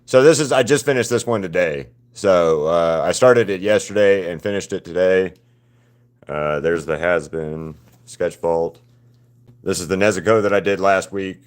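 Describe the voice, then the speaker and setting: A man live-streaming his painting, chatting casually with viewers and greeting them by name in a relaxed, rambling way. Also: deep voice, normal speed, clean tone.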